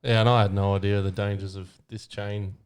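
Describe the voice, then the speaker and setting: A man's voice: lowish voice, little pitch movement, brisk, a little mellow, smooth. A young Australian man co-hosting a podcast, chiming in with joking banter. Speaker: podcast co-host. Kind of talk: casual chat.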